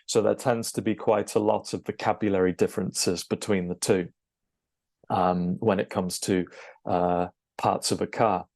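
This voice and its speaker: Low-voiced man teaching vocabulary. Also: fairly even intonation, a little slow, gravelly, a little mellow, dry recording. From Britain. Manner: explanatory, with frequent "okay" and "um" fillers. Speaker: IELTS teacher. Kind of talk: recorded lesson to camera.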